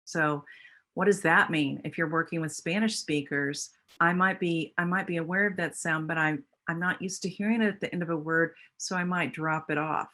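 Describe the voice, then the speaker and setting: A woman's voice: deep voice, fairly even intonation, normal speed, sharp tone. An American woman explaining speech sounds in a teacher training presentation, with a patient, explanatory manner and frequent restarts. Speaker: literacy educator.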